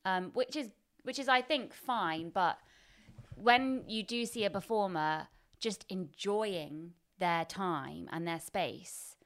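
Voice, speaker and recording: A woman co-hosting a podcast in casual chat, teasing, swearing and quick to mock outrage. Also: mid-range voice. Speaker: podcast co-host.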